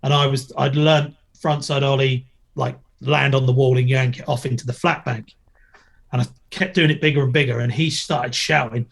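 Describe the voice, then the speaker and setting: A man's voice: medium pitch, normal speed, vocal fry. A middle-aged man in a casual podcast chat, telling stories with a joking, playful manner. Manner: jokey, storytelling, loud impressions when quoting. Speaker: guest, former TV presenter and skater.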